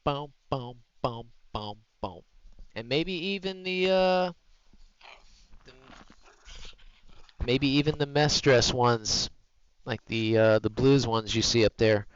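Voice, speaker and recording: A man's voice: mid-range voice, slow, long pauses, clear, resonant tone, muffled recording. A man streaming live from home, chatting in an easygoing, rambling way into a headset mic. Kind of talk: casual live-stream chat.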